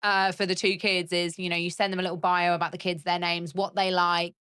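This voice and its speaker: Chatty woman with a low voice. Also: little pitch movement, brisk, bright, forceful tone, clear, resonant tone, no echo, clean studio sound. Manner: chatty, laughing storyteller. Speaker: podcast co-host. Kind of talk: casual chat.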